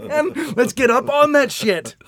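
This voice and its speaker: Male comedian co-host, playful, giggly riffing, lively pitch, dry studio sound. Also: measured pace, no echo. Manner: playful, giggly, fond of silly noises and riffs. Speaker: podcast co-host. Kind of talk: comedic casual chat.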